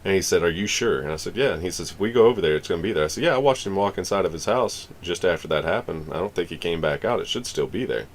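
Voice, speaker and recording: Low-voiced man telling a rambling story. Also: expressive, quick pace, hardly any pauses, slight background noise. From Florida. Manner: rambling, acts out the dialogue of the people in his story. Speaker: streamer. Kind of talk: casual storytelling on a live stream.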